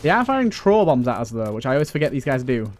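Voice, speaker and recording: A man's voice: mid-range voice, very animated, quick pace, a little mellow, slight background noise. Joking young man grumbling at a game. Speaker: let's play gamer. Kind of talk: casual gameplay commentary.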